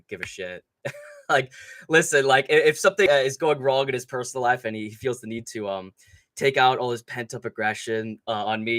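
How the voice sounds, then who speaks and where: Excitable young man, swearing livestream chat. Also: a little high, dry recording. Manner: profane, excitable, loose slangy talk with lots of "bro" and "dude". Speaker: livestream host.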